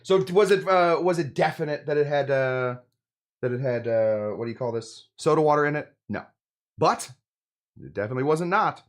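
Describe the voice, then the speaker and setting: A man's voice: fairly high pitch, lively intonation, moderate pace. A man hosting a casual cocktail-making demonstration, joking and rambling with lots of asides. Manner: joking, rambling, self-interrupting. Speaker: host of a cocktail channel.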